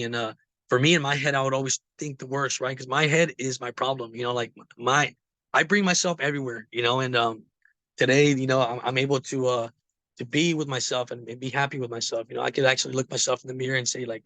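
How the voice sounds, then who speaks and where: A man's voice: medium pitch, steady tone, fast, pushed and bright, no room sound. A man telling his recovery story in a casual, rambling way, with many fillers. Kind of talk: casual personal testimony.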